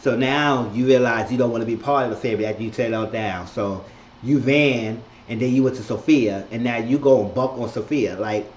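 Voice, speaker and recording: A man's voice: mid-range voice, brisk, a little mellow. A man giving a casual, opinionated spoken recap of a TV episode, retelling scenes and acting out what the characters say. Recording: echoey dull lo-fi room with faint noise.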